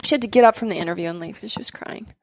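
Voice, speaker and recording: A woman's voice: mid-range voice, very fast, creaky, no echo. Chatty woman with a dry close sound. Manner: animated storyteller, many "like" fillers. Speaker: podcast guest, doctor. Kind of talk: casual chat.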